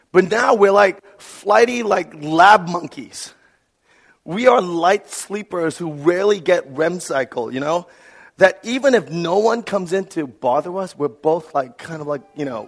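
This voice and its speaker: Pastor guy in his 30s telling funny stories in a sermon, pitch jumping around a lot. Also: creaky, slightly rough. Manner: storytelling, acts out quoted voices with big pitch jumps.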